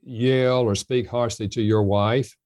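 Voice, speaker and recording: Mellow-voiced older man giving advice. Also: mid-range voice, steady tone, slow, no echo. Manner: gentle, folksy advice-giving. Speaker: guest author. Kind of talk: interview conversation.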